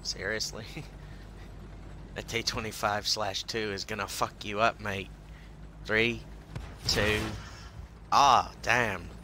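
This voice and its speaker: A man's voice: fairly low pitch, fairly even intonation, slow, long pauses, noisy background. A man giving casual, profane, sarcastic commentary while playing a game, muttering to himself between shots. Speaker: gameplay streamer.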